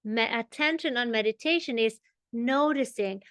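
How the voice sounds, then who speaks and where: Slow, bright-voiced woman meditation teacher. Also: on the high side, dry recording. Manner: unhurried, explanatory, checks in with "okay" and "right?". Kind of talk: spiritual teaching.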